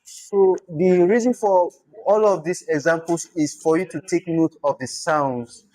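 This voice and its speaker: A language teacher with a Nigerian accent giving an informal lesson, repeating words slowly to show their pronunciation. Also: medium pitch, mellow, low-quality recording.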